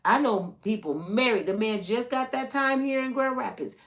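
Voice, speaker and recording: A woman's voice: on the high side, normal speed, a bit bright. A middle-aged woman from the United States chatting casually and teasingly as a channel host, drawling and chatty. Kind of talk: casual gossip commentary.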